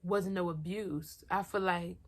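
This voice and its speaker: A woman's voice: fairly low pitch, steady tone, a little slow. A young woman telling a personal story in a storytime vlog, candid and slangy, talking straight to her viewers and poking fun at herself. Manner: blunt and self-mocking. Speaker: vlogger.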